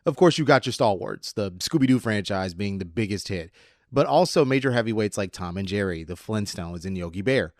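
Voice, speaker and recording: A man's voice: lowish voice, expressive, a little fast, darkish tone, no room sound. Casual man in his thirties, dry sound. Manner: casual, slightly sardonic, drifts into a radio voice. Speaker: host. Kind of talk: scripted commentary.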